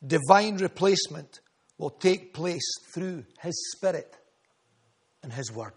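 High-voiced preacher, fervent. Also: male voice, expressive, takes it slowly, husky. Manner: fervent, calls out congregation members by name; rhythmic repetition, builds in volume. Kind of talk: sermon.

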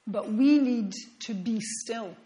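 A woman delivers a sermon at an unhurried pace. Her voice sits a little high, and her earnest, reflective delivery often sinks into soft, hushed tones. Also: poor audio. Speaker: preacher.

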